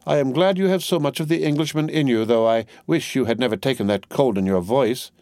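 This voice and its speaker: A man's voice: medium pitch, fairly quick, a little mellow, dry recording, voice pushed up, close to an everyday voice. A man reading an audiobook, voicing a brusque, fiercely patriotic middle-aged Englishwoman with a fussy, emphatic manner. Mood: indignant, fussy. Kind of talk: audiobook character voice.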